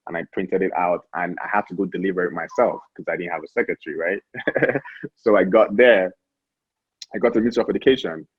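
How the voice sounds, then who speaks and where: In a casual interview, a young Nigerian man who founded a company spins lively stories, frequently restarting and stumbling over repeated words. He speaks low and brisk with a breathy edge, recorded dry through thin, tinny sound.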